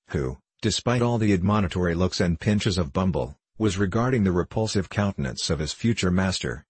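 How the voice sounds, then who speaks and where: A man narrating a classic novel as an audiobook, in a measured, even reading. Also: sits low, husky, no room sound.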